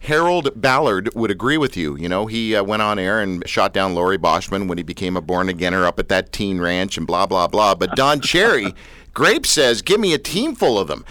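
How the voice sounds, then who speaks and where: A male radio host with a lively, swinging delivery who jokes and teases his guest. His voice sounds dry and close, with no room around it. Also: low voice, moderate pace, no echo. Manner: joking, teasing. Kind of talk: casual radio chat.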